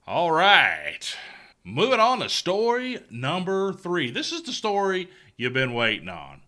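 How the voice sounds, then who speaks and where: A man with a Southern US accent hosting a casual good-news show, folksy and excitable, often stammering and repeating words. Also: high-pitched, unhurried.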